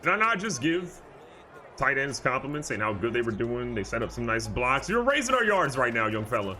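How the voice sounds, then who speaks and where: A man giving excitable, jokey live commentary over a football video game, moving from calm play calling to loud outbursts. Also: mid-range voice, fairly quick, a little hiss or hum. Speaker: gaming YouTuber.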